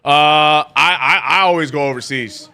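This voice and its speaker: A man hosting a live sports watch-along, chatting casually and excitably with lots of slang and repeated "bro". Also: on the high side, normal speed, creaky, clean tone. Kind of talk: casual live-stream chat.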